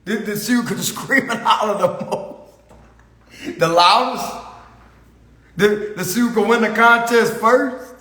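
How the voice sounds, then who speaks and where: A man's voice: high-pitched, slow, long pauses, sharp tone, roomy sound. A man giving a casual spiritual reading, rambling and slangy and laughing often. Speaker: spiritual card reader.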